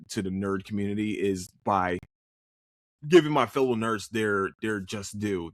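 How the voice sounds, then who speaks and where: A man's voice: lowish voice, fairly bright tone, no room sound, studio quality. A young man hosting his own podcast, reviewing a show in a loose, rambling, profane solo chat full of restarts. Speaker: podcast host.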